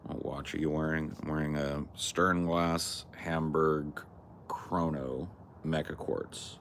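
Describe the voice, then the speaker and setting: Laid-back deep-voiced man, casual podcast. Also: fairly even intonation, takes it slowly, fairly bright tone, slight background noise. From California. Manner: laid-back, crude, joking. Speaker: podcast host.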